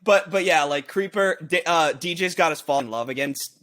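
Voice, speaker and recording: A man co-hosting a podcast, rambling in casual banter and breaking into sung and shouted bits. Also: fairly high pitch, a little fast. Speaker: podcast co-host.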